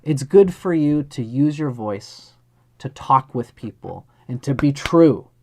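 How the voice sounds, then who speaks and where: A man's voice: medium pitch, lively intonation, takes it slowly, dark tone, a little hiss or hum. A man giving a live astrology chart reading, speaking earnestly and directly to the person he reads for. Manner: earnest, speaks straight to the listener, acts out little scenes.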